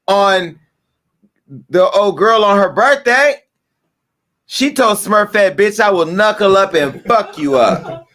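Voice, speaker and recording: A man hosting a gossip show, telling profane stories in a brash, rowdy monologue. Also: high voice. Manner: brash, profane, storytelling with loud asides. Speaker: host.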